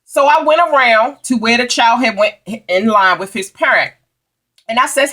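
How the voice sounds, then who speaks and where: A woman tells a heated story to her vlog viewers, swearing freely. Her voice is bright and sits a little high, and she presses every point hard. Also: normal speed. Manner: heated, profane, emphatic storytelling. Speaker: vlogger. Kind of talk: angry storytime rant.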